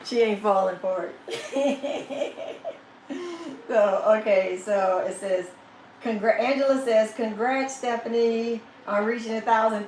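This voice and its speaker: A woman's voice: medium pitch, fairly even intonation, measured pace, darkish tone, slight background noise. A woman, chatting casually on a home livestream, laughing often and cooing at her dog. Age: 50s. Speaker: vlogger hosting a live chat. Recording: echoey room with faint ambience.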